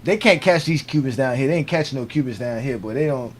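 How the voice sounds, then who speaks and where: A man's voice: mid-range voice, fast talker. A middle-aged man from Miami hosting a live online show, talking loosely, joking and giving preachy advice. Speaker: host. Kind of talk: casual live show chat.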